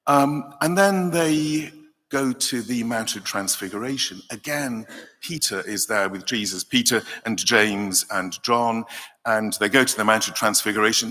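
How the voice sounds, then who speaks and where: A man with a Welsh accent, a cathedral dean, reads a Bible passage and then reflects on it in a thoughtful, measured way. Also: fairly low pitch, bright, forceful tone. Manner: measured reading, then thoughtful talk with fillers. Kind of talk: Bible reading and reflective teaching. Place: large convention hall. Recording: long hall reverb.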